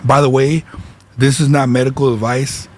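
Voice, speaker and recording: A man's voice: mid-range voice, level tone, moderate pace, slight background noise. A man hosting a podcast, telling a casual story in slangy speech with Spanish words dropped in. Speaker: podcast host and spiritual reader.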